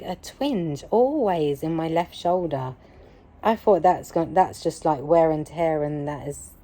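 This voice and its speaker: A woman, telling a personal story in a casual, emphatic way, repeating phrases for weight. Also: low voice. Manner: emphatic, repetitive, animated retelling. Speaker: vlogger.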